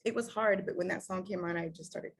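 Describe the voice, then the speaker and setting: A woman's voice: lowish voice, a little fast, creaky, slightly rough. A middle-aged woman talking candidly as an interview guest, swearing casually and acting out her own past words. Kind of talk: casual conversation.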